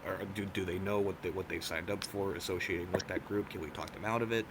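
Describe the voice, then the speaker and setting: Young male candidate, low-pitched, rambling and filler-heavy; noisy background with traffic. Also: fairly even intonation, fast talker. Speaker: debate candidate. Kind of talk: debate answer.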